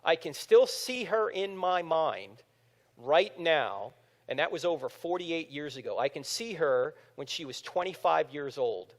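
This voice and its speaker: A high-pitched man in his fifties speaks with wide, swooping intonation, acting out the people in his stories as he talks. His voice rings with a long hall reverb in a large room full of listeners. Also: a little slow. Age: 50s. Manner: animated storytelling, acting out quotes. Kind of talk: apologetics talk to a live audience.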